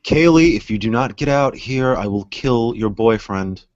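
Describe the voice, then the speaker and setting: Brief: menacing man, played by a player, slow and cold, deep voice. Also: expressive, fairly bright tone, dry recording, highs cut off. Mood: threatening.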